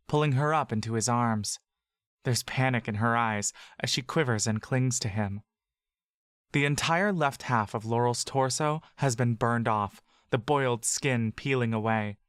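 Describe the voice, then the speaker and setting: An audio drama narrator reads scripted fantasy narration in the second person, slow and measured. The voice is mid-range and a bit bright, with clean studio sound and no echo.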